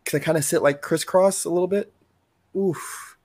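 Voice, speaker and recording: A man co-hosting a podcast in casual chat, talking in a rambling, animated and profane way. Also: fairly high pitch, moderate pace, no echo. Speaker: podcast co-host.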